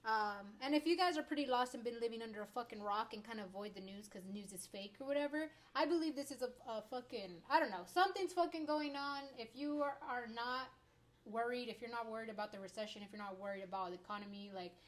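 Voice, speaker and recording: A woman's voice: fairly high pitch, fast. A woman in her twenties ranting to her viewers in a rambling, heated, heavily profane way. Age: 20s. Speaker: vlogger. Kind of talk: ranting opinion vlog.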